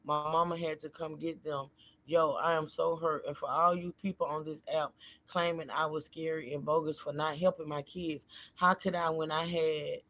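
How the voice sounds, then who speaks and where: A man's voice: a little high, flat delivery, moderate pace, bright, forceful tone. A man hosting a live stream, chatting casually to viewers and reading a post aloud. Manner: chatty, talks straight to viewers with "y'all". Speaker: livestream host.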